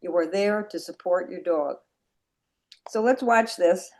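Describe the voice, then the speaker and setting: A woman's voice: lowish voice, measured pace, a little mellow. A woman teaching a dog nose work class over a video call, chatty and repeating her points for emphasis.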